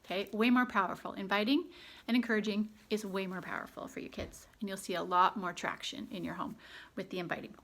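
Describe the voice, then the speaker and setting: A woman's voice: medium pitch, fairly even intonation, fairly quick, a bit bright. A woman in her thirties, a homeschooling mother, giving earnest, chatty parenting advice with frequent ums. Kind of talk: casual advice vlog.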